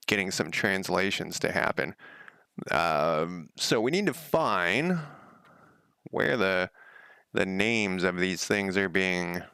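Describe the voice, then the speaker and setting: A man's voice: deep voice, creaky, pushed and bright, clear, resonant tone, no echo, clean studio sound. A man streaming himself working on a game at home, thinking aloud in a casual, rambling way and often correcting himself. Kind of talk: casual live-coding commentary.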